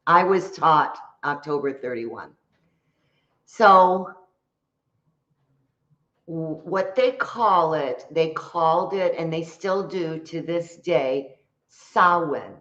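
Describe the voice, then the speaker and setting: Lady author explaining stuff real slow, lowish voice, echoey dull-sounding audio. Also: expressive, fairly bright tone. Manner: slow, deliberate explaining, repeats points for emphasis. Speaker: guest author and metaphysical practitioner. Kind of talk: explanatory interview talk.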